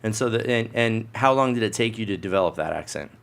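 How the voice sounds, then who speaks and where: A man's voice: on the low side, animated, fast talker, vocal fry. A man hosting a casual interview, chatty, often restarting his sentences. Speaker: interview host.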